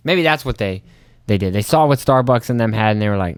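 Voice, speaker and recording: A young man hosting his own podcast, telling rambling, profane stories and acting out his own panicked reactions in jumps to a high voice. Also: lively intonation, fast talker, smooth, dry recording, studio quality. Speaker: podcast host. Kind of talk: casual solo storytelling.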